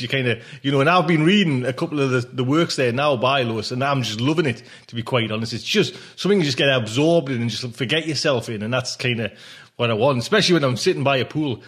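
A man's voice: medium pitch, fast, a bit bright. Rambling casual male podcast host. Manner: rambling, informal, many fillers. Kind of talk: casual chat.

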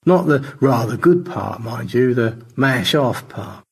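A man reading aloud and voicing a dry, pedantic man fond of old science fiction, with a gravelly, raspy voice and a wry, precise delivery. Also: mid-range voice, expressive, slow pace, exaggerated voice.

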